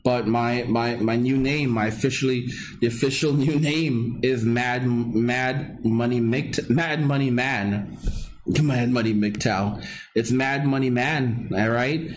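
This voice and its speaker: A man's voice: mid-range voice, takes it slowly, slight background noise. A man hosting a casual live stream, rambling and repeating himself as he chats with viewers and reads their comments. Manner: rambling and repetitive, with frequent restarts and laughs. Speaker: livestream host.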